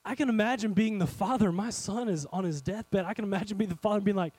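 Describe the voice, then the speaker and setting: A man preaching a sermon, animated and speaking straight to his congregation, swinging between loud and hushed. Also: high-pitched, fast talker, hardly any pauses, dry recording, poor audio. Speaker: pastor.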